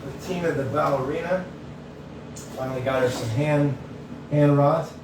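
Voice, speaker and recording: A man hosting a live-stream puppet show, talking in a rambling, halting way. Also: a little high, noisy background. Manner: rambling, halting, many fillers. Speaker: host and puppeteer. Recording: echoey room, voice far from mic.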